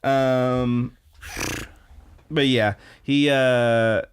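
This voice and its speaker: A young man co-hosting a podcast, recapping anime episodes in a rambling, animated way and acting out character lines. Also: mid-range voice, drawn-out words, a little hiss or hum. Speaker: podcast co-host. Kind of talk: casual anime recap chat.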